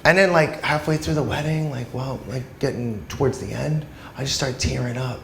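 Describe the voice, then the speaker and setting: A man from New Jersey performing a stand-up comedy set in a comedy club, animated and breaking into shouted, high-pitched quotes. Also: normal speed, vocal fry, slight background noise. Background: audience laughter.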